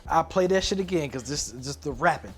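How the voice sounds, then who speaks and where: A man co-hosting a podcast, talking in a loose, animated way, swearing freely and repeating himself. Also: fairly high pitch, a little fast. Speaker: podcast co-host. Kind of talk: casual chat.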